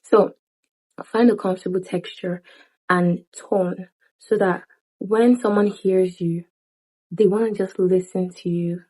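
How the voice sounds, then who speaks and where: A young woman talks straight to her viewers in an easy, chatty style. Her voice is mellow and soft-edged, never sharp. She jumps into quick playful asides and laughs at herself as she goes. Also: on the low side, steady tone, husky, low-quality recording. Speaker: lifestyle vlogger. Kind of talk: casual advice talk to camera.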